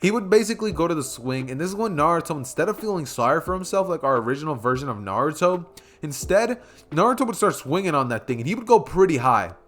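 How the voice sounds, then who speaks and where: A man's voice: on the high side, expressive, fast talker, a bit bright. A man narrating a fan-fiction story in a casual, rambling way, with joking asides. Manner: casual, filler-heavy, with self-aware joking asides. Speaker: YouTube storyteller.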